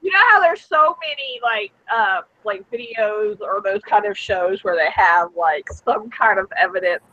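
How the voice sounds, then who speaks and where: A woman in a casual group chat, giggly and halting, with many fillers. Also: mid-range voice, pushed and bright, dull audio, a little hiss or hum.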